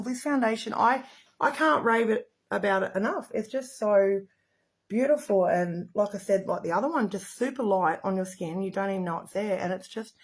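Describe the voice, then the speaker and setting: A middle-aged woman hosts a casual makeup livestream, talking to the camera. She chats in a rambling, effusive way. Her voice sits at a middling pitch. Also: breathy edge.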